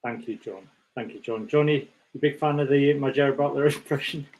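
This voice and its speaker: Scottish male podcast host, gravelly, mid pitch, jokey banter over a call. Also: fairly even intonation, brisk, a little mellow, slight background noise, low-quality recording. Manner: jokey, self-mocking banter. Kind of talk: casual podcast chat.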